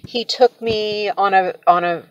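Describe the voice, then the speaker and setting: A woman's voice: mid-range voice, fairly even intonation, measured pace, no echo, highs cut off. A middle-aged woman telling her own story in a casual, candid way, with a wry tone and frequent laughter. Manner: candid, wry, laughs often while recounting. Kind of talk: casual personal storytelling to camera.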